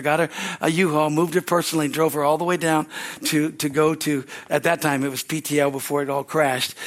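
A male pastor preaching a sermon at a church service, exuberant and calling out hallelujahs. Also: fairly high pitch.

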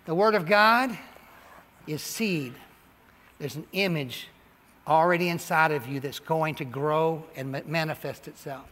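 Male pastor, high bright voice, emphatic sermon delivery, reverberant church hall. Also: a little slow. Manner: animated preaching, repeats and stresses phrases. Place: church sanctuary.

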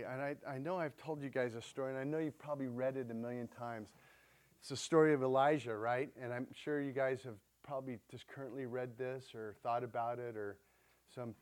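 A male preacher gives a loose, chatty sermon. He talks to his congregation like friends, tosses questions out to them and retells scripture in plain everyday words. His voice sits at a middling pitch. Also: a little mellow. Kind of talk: conversational sermon.

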